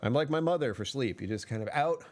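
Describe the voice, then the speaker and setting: A man's voice: medium pitch, lively intonation, fast talker, soft background music. A man chatting casually on a livestream, rambling and correcting himself, often laughing mid-sentence.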